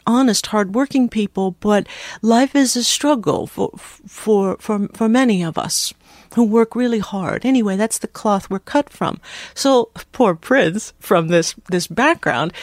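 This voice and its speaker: A woman in her sixties, a studio engineer, telling a story as a guest in a podcast interview, lively and full of restarts. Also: medium pitch, no echo.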